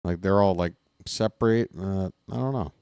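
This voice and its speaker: Deep smooth-voiced man doing rambling baseball commentary. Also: normal speed, a little mellow, no echo, clean studio sound. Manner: rambling, jokey, talks to chat viewers. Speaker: play-by-play streamer. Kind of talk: casual baseball commentary with chat.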